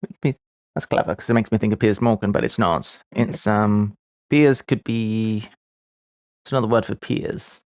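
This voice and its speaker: A man's voice: on the low side, fairly even intonation, normal speed, darkish tone, no room sound, muffled recording. A man in his forties streaming live, muttering half-finished thoughts and chuckling at his own mistakes as he works through puzzles. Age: 40s. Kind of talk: thinking aloud while solving puzzles on a live stream.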